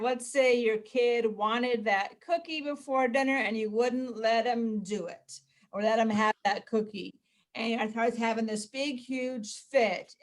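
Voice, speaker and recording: A woman parent educator explaining discipline steps to families in a calm way, with many ums and restarts. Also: on the high side. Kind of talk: casual presentation.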